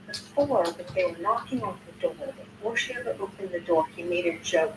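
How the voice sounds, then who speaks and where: A woman's voice: fairly low pitch, fairly even intonation, a little fast, hardly any pauses. An older woman in her sixties, a content creator, recounting a video in a casual, indignant way, swearing often and restarting sentences. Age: 60s. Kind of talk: casual recap of a news video. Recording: roomy sound from a distance, faint noise.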